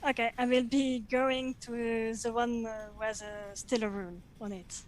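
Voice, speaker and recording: A woman's voice: on the high side, steady tone, normal speed, rough recording. A woman playing a tabletop role-playing game, describing her character's actions hesitantly. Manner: hesitant, many fillers. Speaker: player. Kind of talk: casual tabletop play.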